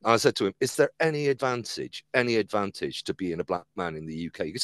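This comedy podcast host is an animated storyteller who does the voices of the characters in his casual anecdotes. He speaks quickly with a fairly low pitch, and there's no echo.

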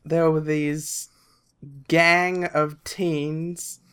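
A man in casual chat among friends, telling a story slowly with frequent laughs. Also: fairly high pitch, level tone, a bit bright, clear, resonant tone. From lives in England.

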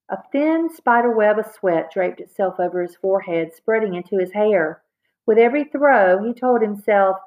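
A woman, a teacher, reading a children's novel aloud to students with expressive storytelling. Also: medium pitch, normal speed, muffled recording.

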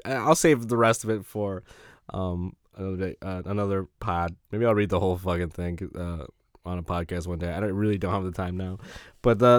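A man's voice: fairly low pitch, dry recording, clean studio sound. A man hosting a casual solo podcast who talks in a rambling, profane way and laughs often. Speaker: podcast host.

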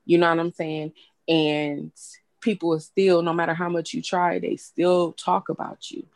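A woman's voice: lowish voice, little pitch movement, normal speed, dry recording. A young woman hosting a casual chat, talking bluntly and candidly and swearing freely. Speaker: host.

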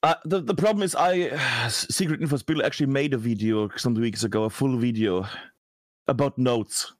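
A man's voice: medium pitch, moderate pace, no room sound. A man who is a guest on a podcast, chatting casually, breaking off and restarting his sentences and swearing now and then. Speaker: guest, competitive game broadcaster.

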